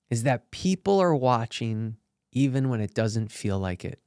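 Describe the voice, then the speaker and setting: Animated man telling acting-career stories. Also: medium pitch, moderate pace, dry recording, studio quality. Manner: animated storytelling with many fillers and restarts. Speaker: podcast host and actor. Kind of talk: motivational solo podcast talk.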